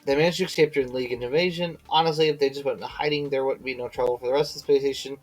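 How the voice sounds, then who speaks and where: A man's voice: medium pitch, fairly even intonation, very fast, rough recording. A tired man streaming a game, reading its dialogue aloud with slips and self-corrections, breaking off to chat and yawning.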